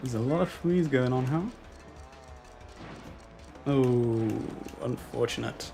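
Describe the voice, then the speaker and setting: A man's voice: medium pitch, slow, gravelly, mellow, faint music behind. A man giving casual, self-deprecating commentary while playing a racing game, swearing and laughing at his own mistakes. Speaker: gaming YouTuber.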